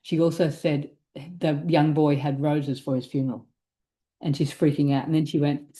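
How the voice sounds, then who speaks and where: A woman co-hosting a tarot podcast, telling a story in a casual, animated way, laughing and acting out what people said. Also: sits low, normal speed. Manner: animated, laughing, acts out quoted speech. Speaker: tarot reader and podcast co-host.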